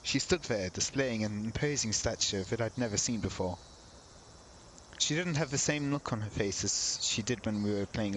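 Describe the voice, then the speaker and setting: A man's voice: on the low side, slight background noise, low-quality recording. A man reading a visual novel's narration aloud during a let's play, breaking off into wry, casual comments. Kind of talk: reading game text aloud with casual asides.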